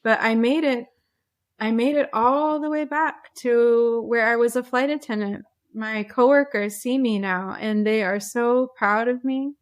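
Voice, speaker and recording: With a fairly high pitch and a measured pace, this female airline pilot gives heartfelt, faith-centered interview answers. She tends to repeat phrases to stress her points.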